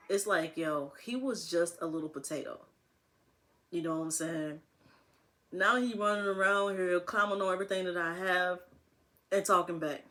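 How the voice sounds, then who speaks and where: A woman's voice: lowish voice, fairly bright tone. A young woman talking casually to camera as a vlogger, rambling and laughing often.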